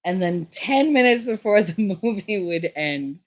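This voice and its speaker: Low-voiced woman streamer, frank talk. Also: moderate pace, hardly any pauses. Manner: frank, profane storytelling; reads out chat comments. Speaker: streamer host. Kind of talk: casual livestream chat.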